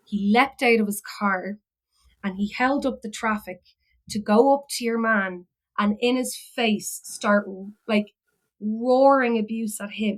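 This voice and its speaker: A woman's voice: medium pitch, rough recording. An Irish woman, a philosophy educator, telling a personal story in a rambling way, full of fillers and restarts. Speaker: podcast guest, philosophy educator.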